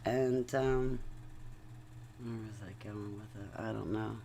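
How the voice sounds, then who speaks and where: A woman's voice: extremely low pitch, fairly even intonation, slow pace, creaky, warm tone, slight background noise. A woman vlogging in a casual, rambling, digressive monologue, chatty and talking to her viewers. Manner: rambling, chatty, digressive, laughs between thoughts.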